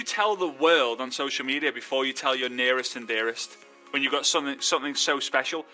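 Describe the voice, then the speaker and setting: A man's voice: medium pitch, fairly quick, bright, forceful tone, faint music behind. A man giving a casual training talk, chatty and rambling, often breaking off mid-sentence. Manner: chatty, rambling, self-interrupting. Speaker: network marketing trainer.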